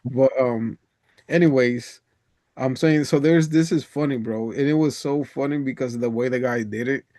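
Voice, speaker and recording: A man's voice: mid-range voice, steady tone, moderate pace, dark tone. A man from the Dominican Republic chatting on a video call, a loose storyteller who laughs often, swears, and calls the other person "bro". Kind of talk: casual chat on a coaching call.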